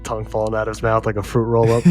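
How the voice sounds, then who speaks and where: A man's voice: lowish voice, monotone, very fast, faint music behind. A man co-hosting a casual review podcast, trading jokes in a laughing, bantering way. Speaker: podcast co-host.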